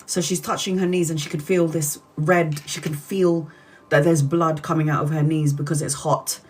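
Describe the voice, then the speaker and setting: A woman hosting a tarot live stream, retelling a story in an animated, chatty way and acting out the quoted speech. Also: low-pitched, moderate pace, slight background noise. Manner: chatty, addresses viewers mid-story.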